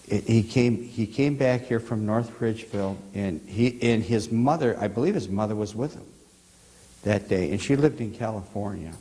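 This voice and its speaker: A man's voice: lowish voice, warm tone, long reverb tail, poor audio. A man preaching as pastor, telling loose anecdotes with many restarts and questions to the congregation. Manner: halting, repeats words, asks the congregation questions. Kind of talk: rambling sermon anecdotes. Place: church sanctuary.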